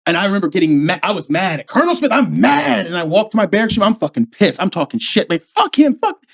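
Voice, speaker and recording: A man talks fast in a casual podcast chat. His voice sits a little high. He swears freely and jumps into the voices of the people in his stories. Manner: profane, animated storytelling, acts out quoted voices. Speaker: podcast guest, former Marine.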